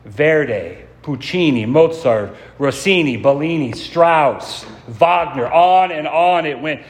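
A man preaching a sermon as pastor, telling a story in a measured way and slowing down to stress key words. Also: a little high. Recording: long church reverb.

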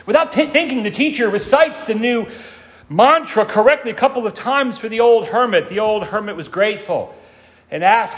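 A man's voice: on the high side, big pitch swings, normal speed. A man preaching a sermon, telling a parable with shifting emphasis as he goes. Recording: long reverb.

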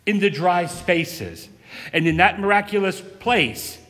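A pastor giving a sermon in a measured preaching style, with pauses and rhetorical questions. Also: male voice, sits high, expressive, fairly bright tone. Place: church sanctuary. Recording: reverberant sanctuary.

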